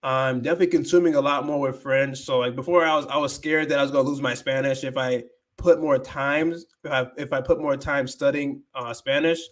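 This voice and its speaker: A man's voice: medium pitch, steady tone, fairly quick. A man hosting a casual livestream, thinking aloud as he talks about his language learning and drops in Spanish phrases.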